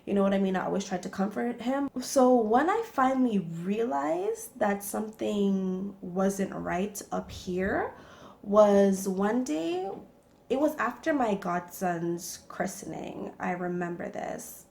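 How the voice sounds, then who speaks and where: A young woman telling a personal story to the camera in a casual, animated way, with lots of fillers. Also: mid-range voice, slow, gravelly. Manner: animated, chatty, many fillers. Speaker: vlogger.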